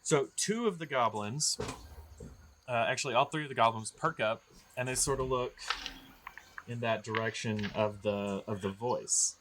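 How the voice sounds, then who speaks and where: A man narrating as game master of a tabletop game, jokey and quick to laugh. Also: background noise. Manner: jokey, laughs often, squeaky voices for goblins.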